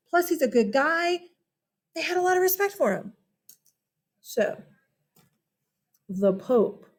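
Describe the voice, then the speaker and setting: An American woman giving a casual, animated history lesson, chatty and full of asides and check-ins. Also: sits high. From United States. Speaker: history teacher. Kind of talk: casual classroom-style lecture.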